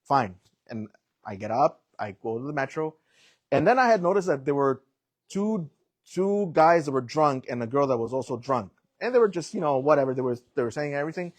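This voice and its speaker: A young adult man preaching, telling a personal story in an animated way and acting out the voices in it. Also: a little high, fairly quick, no room sound. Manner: animated storytelling, acts out quotes.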